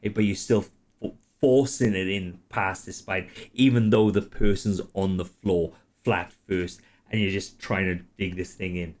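Swearing game master. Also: male voice, low-pitched, steady tone, unhurried, a little mellow. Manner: casual, swears freely, laughs often. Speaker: dungeon master. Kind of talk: narrating a tabletop game.

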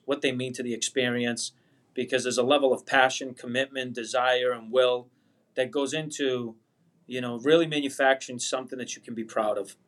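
A man in his forties with a Boston accent speaks as a podcast guest over a video call. He is earnest and heartfelt, drifting from thought to thought. His pitch stays fairly level throughout. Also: fairly bright tone. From Boston area, USA. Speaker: pasta manufacturer, guest. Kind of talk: casual interview chat.

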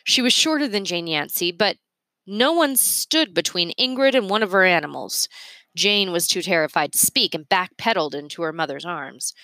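A woman reading a children's storybook aloud with expressive, animated narration. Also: on the low side, dry recording.

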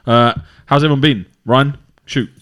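A man's voice: medium pitch, steady tone, moderate pace, a bit bright, no room sound. A man co-hosting a podcast who chats casually, jokes and stumbles over words. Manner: easygoing, joking, stumbles on words. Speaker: podcast co-host. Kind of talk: casual chat.

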